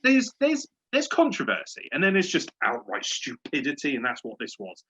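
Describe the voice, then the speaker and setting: A British man hosting a sports podcast rants and swears about a refereeing decision in casual conversation. His fairly high, slightly bright voice swoops wildly in pitch at a normal speed, and the audio is dull, lo-fi podcast sound.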